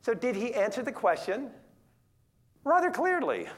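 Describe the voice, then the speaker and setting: A preacher gives a Bible teaching with a pitch that leaps and swoops all through. The delivery is informal and chatty, with scripture retold in plain modern phrasing. Questions are thrown out to the listeners along the way. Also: moderate pace. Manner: conversational, paraphrases scripture in plain modern words; animated, asks the audience questions.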